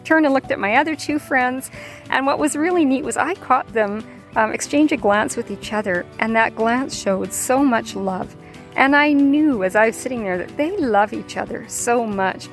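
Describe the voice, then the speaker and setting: A woman's voice: a little high, moderate pace, faint music behind. An older woman, a grandmother, hosting a podcast and telling a heartfelt personal story in a conversational way. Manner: heartfelt, conversational with fillers and repeats. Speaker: podcast host. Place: outdoors or near open air, plane overhead.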